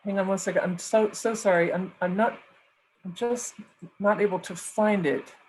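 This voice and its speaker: A woman's voice: medium pitch, steady tone, normal speed, darkish tone, slight background noise, low-quality recording. A woman professor giving a mock lecture over a video call, loose and conversational, thinking aloud.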